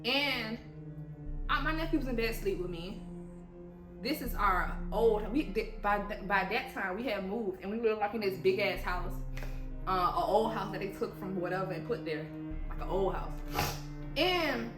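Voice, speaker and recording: A woman co-hosting a vlog, telling stories in a casual, animated way, full of swearing and frequent laughter. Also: mid-range voice, moderate pace. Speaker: vlog co-host. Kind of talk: casual storytelling. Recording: roomy sound with music behind.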